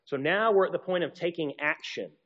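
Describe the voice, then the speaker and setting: A man's voice: fairly high pitch, a little fast, fairly bright tone. Guy teaching a class or church group, chatty, keeps restarting lines, big reverby hall, kinda muffled. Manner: conversational, acts out little dialogues, many restarts. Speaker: preacher or teacher. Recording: dull, muffled sound with a long hall reverb.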